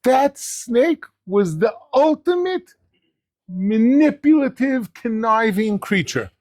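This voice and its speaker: A man's voice: extremely high pitch, expressive, slow, a little mellow, dry recording. A man, head of a yeshiva, giving a casual Torah class on the weekly portion and quizzing his listeners with questions.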